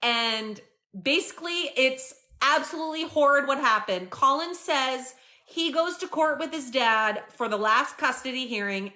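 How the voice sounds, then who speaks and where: A chatty woman streams live, recapping a story to her viewers with plenty of "like" and "um". Her voice is bright and a touch high, and she speaks casually to the camera. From Canada. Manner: chatty, animated retelling with many fillers.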